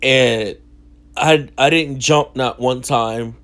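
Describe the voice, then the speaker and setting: A man's voice: mid-range voice, fairly even intonation, slow, a bit bright. A young man casually telling a story from his childhood in slangy, self-mocking talk. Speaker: vlogger.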